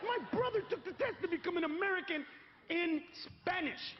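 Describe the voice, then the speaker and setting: A male stand-up comedian performing an animated set on stage, shouting his punchlines. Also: extremely high pitch, moderate pace. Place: comedy stage before a live audience. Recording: dull live stage recording, audience noise.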